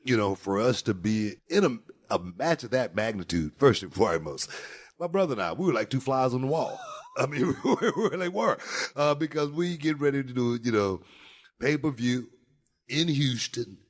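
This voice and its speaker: A man's voice: medium pitch, lively intonation, normal speed. A man appearing as a podcast guest, reminiscing with laughter and frequent stops and restarts. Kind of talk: casual interview chat.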